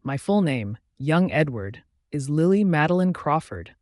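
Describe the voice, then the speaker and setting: A man's voice: fairly high pitch, very animated, fairly quick, no room sound, studio quality. A man reading an audiobook, voicing a playful, teasing young woman with a light touch.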